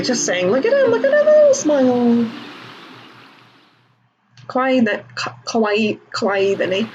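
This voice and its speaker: Chatty gameplay vlogger, rambling and self-correcting, mid-pitched voice, game music loud underneath. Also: lo-fi sound. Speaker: vlogger playing a game while explaining. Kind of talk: casual commentary with language teaching. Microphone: desk mic while playing, no camera.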